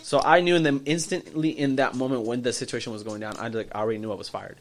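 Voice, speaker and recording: A man in his thirties tells a story over drinks in a voice of ordinary, middling pitch. He talks in an animated way, jumping into the voices of the people in his story. His sentences are full of restarts and repeated words. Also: fast talker. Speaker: podcast guest.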